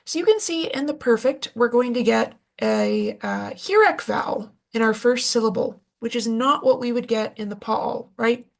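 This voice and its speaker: A woman with a fairly high voice gives a recorded lecture. She explains each point patiently and reads out lists of word forms one at a time, as she works through a textbook chart. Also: animated, normal speed, few pauses. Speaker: language teacher.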